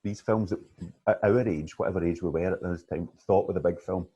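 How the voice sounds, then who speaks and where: A middle-aged Scottish man co-hosting a podcast in casual, animated chat, laughing often. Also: sits low, brisk, husky, dull audio. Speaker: podcast co-host.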